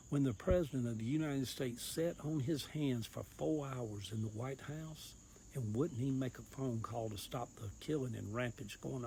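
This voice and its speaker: A man's voice: medium pitch, creaky, darkish tone, slight background noise, rough recording. A man with a Southern US accent, a political campaigner talking earnestly in a rambling, folksy monologue. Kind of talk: casual monologue.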